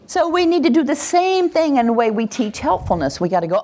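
A woman teaching about praising children, animated and playful, acting out parents' baby talk and scolding in her examples. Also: high-pitched, normal speed. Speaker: parenting educator. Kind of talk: lively talk to an audience.

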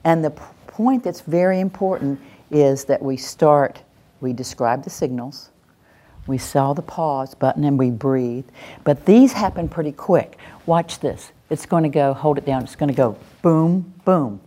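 Low-voiced woman teaching calmly. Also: a little slow. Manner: calm, coaching, slips into soft soothing phrases when demonstrating. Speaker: parenting and classroom trainer. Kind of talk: workshop teaching with acted demonstrations.

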